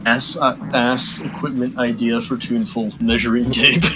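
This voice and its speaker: A man's voice: mid-range voice, little pitch movement, moderate pace, noisy background. A man chatting casually over a game, giving gameplay tips with playful teasing and frequent giggles. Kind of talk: casual gaming chat. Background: game music.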